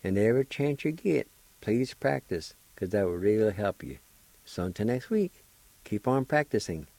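A man hosting a radio language lesson, slowly spelling and pronouncing words syllable by syllable. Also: fairly low pitch, animated, vocal fry, darkish tone, dry recording, low-quality recording. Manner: slow, deliberate, spells syllables one at a time. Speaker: language teacher and radio host. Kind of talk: slow spelling and pronunciation lesson.

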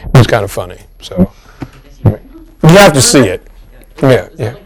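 A man's voice: medium pitch, very animated, unhurried, husky, low-quality recording. A man teaching a history class in a casual lecture, joking and teasing his students.

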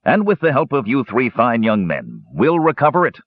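A man voicing a gruff, boastful old male dwarf who mumbles, sighs heavily, and roars when pushed. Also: medium pitch, wildly swooping pitch, moderate pace, dry recording, phone-quality sound, pitched above the performer's own voice. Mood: rambling. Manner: roaring, sighing, mumbling.

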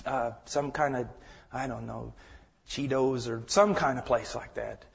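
A man preaching a sermon with passion, swinging between shouted lines and hushed, quiet ones. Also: medium pitch, steady tone, unhurried, creaky. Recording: dull lo-fi sound with long hall reverb.

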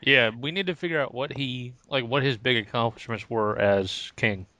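A man bantering on a podcast, quick with jokes and laughing easily. His voice is bright and forward, and the recording is dry and close. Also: medium pitch, dry recording, highs cut off. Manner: joking, laughs often. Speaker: podcast co-host. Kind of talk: casual banter.

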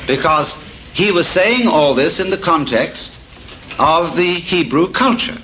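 Middle-aged male lecturer, wry storyteller, animated delivery, lo-fi recording. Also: fairly high pitch, a little slow. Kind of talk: public lecture to an audience. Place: lecture hall with audience. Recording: dull lo-fi tape of a lecture with faint hiss.

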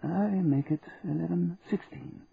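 A man's voice: fairly high pitch, normal speed, vocal fry, husky, no echo, pitched above the performer's own voice, heavily acted. A man playing a formal, courteous old male lawyer with a dry, precise manner in an audiobook, heard over a tinny line. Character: formal elderly male solicitor. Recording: tinny narrow band, faint hiss.

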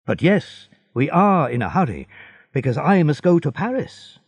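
A man's voice: a little high, big pitch swings, moderate pace, slightly rough, dry recording, pitched above the performer's own voice, heavily acted. A man voicing an earnest, happy young sailor in a storybook reading, sincere and eager.

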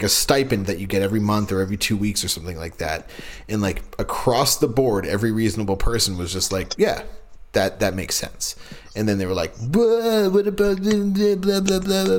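A man co-hosting a podcast in casual chat, talking in a profane, rambling, animated way. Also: lowish voice. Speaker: podcast co-host.

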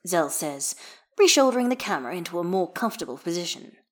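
A woman reading fan fiction aloud as narrator, in a lively, expressive manner. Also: on the low side, fast. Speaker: audiobook reader.

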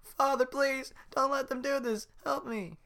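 A man voicing a small wooden puppet boy who pleads in a shrill, squeaky voice. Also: animated, normal speed, bright, forceful tone, slight background noise, heavily acted. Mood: desperate.

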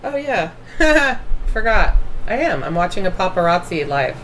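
Middle-aged woman, family podcast host, chatty, laughing, slightly low voice, background hiss. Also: very animated, measured pace, fairly bright tone, rough recording. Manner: chatty, rambling and laughing often. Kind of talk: casual family podcast chat.

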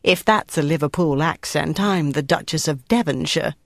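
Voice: mid-range voice, moderate pace, gravelly, no room sound, clean studio sound, natural voice. An audiobook reader voicing a brash, sceptical tough woman who talks bluntly and scornfully.

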